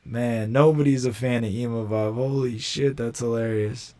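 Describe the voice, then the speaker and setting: A young man hosting a casual live stream, talking in a slangy, rambling way and quick to mock. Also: medium pitch, steady tone, mellow. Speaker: livestream host.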